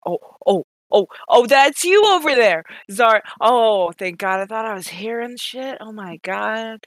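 A woman's voice: a little high, lively intonation, measured pace, no room sound. A woman playing in a tabletop game, hesitant and giggly, often trailing off into laughs. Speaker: player. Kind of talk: tabletop role-play.

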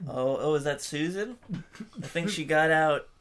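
A man's voice: on the high side, moderate pace, fairly bright tone, smooth. A man co-hosting a crude comedy podcast, rambling with many fillers and joking. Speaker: podcast co-host.

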